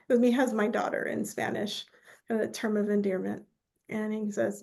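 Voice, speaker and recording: A woman therapist speaking as a podcast guest, telling family stories in a lively conversational way and acting out relatives' words. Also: medium pitch, a little slow, gravelly. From United States. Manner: animated storyteller who acts out quoted relatives. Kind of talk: conversational interview storytelling.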